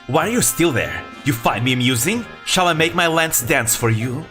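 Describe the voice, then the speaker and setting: Man playing a vicious lady general, pitched up, sneering, threatening, faint music behind. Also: sing-song, fairly bright tone. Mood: scornful. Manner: scornful, threatening, drawn-out growls. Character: fierce woman general, haughty and vicious.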